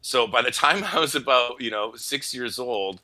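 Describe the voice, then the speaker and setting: Man, bright clear voice, animated, playful, casual interview storytelling. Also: mid-range voice, moderate pace. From Canada. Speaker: voice actor guest.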